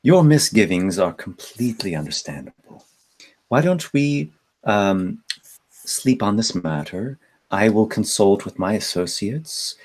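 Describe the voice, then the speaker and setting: In a tabletop game, a man voices a gracious female madam who hosts paying guests, speaking with smooth, courteous persuasion. His voice sits fairly low, expressive and a little mellow, at a measured pace.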